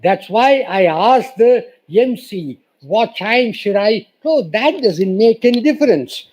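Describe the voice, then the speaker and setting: Man, guest lecture, slow delivery, emphatic. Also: high voice, muffled recording. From India. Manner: repeats "you see" often, expressive and emphatic. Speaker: guest speaker. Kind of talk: formal lecture speech.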